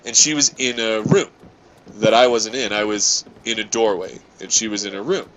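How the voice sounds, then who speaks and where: A man's voice: lowish voice, moderate pace, slight background noise, low-quality recording. A man casually telling a story with lots of swearing and restarts while playing a video game. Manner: animated, swearing, tells an angry story with many restarts. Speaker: gaming channel host. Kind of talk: casual storytelling over gameplay.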